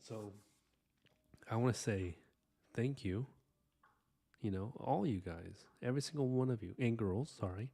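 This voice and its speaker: A man with a lowish voice talking through an art live stream in a loose, rambling way. He thanks his viewers earnestly and drifts into soft asides and fillers between thoughts about his drawing. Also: measured pace, creaky, long pauses. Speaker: live-stream artist host. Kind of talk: casual live-stream chat while inking.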